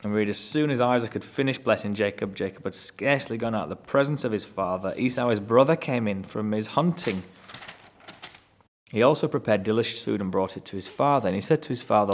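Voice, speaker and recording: With a low voice and a fast delivery, he works his way through a chapter of the Bible, reading verses and talking them over in a relaxed, conversational manner. When he goes back over a verse, his emphasis builds each time.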